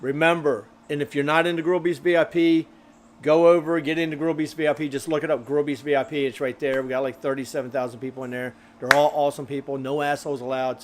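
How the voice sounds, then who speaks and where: There's a light hiss or hum behind this medium-pitched man running a grilling live stream. Somewhat breathless, he rambles loosely over viewer comments, leaning heavily on fillers.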